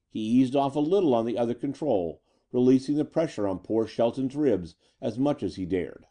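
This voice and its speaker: Man, scripted story narration, dramatic delivery, very dark mellow timbre. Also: on the low side.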